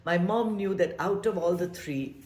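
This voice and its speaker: A woman giving life advice in a casual, reflective talk, animated and emphatic, repeating her points and dropping to a soft whisper for emphasis. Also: on the low side, moderate pace. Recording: echoey room.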